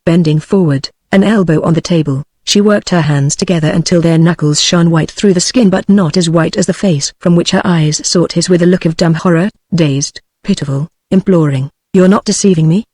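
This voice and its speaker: A text-to-speech British English female voice narrating an audiobook in an even, steady synthetic manner. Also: lowish voice, moderate pace, few pauses, no room sound.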